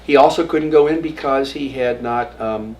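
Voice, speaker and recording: Distant rabbi telling stories in class. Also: male voice, mid-range voice, normal speed. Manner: storytelling with jokes and acted quotes, dropping to a whisper at times. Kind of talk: informal adult education lecture. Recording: distant mic with audible room noise.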